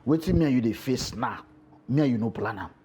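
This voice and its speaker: A man's voice: mid-range voice, quick pace. A man with a Nigerian accent, a comedian talking animatedly in a TV interview and slipping into pidgin. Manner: animated, mixes pidgin into English. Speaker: comedian guest. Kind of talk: TV interview talk.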